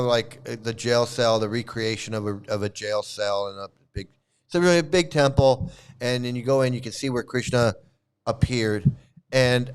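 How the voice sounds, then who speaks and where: Rambling, mocking man with a smooth voice. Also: mid-range voice. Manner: rambling, restarts often, mocking, laughs while talking. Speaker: channel host, former devotee. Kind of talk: casual storytelling rant.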